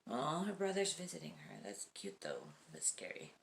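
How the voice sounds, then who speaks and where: Low gravelly woman reading spooky stories. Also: huge pitch swings, moderate pace, background noise. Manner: laughs often and drops to whispered asides. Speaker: host. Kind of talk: reading stories aloud with casual asides.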